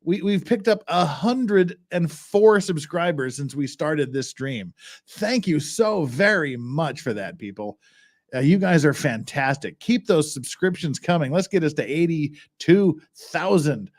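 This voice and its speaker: A man's voice: a little high, animated, a little slow. A man hosting a livestream, chatting casually and thinking aloud as he goes through documents. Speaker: livestream host.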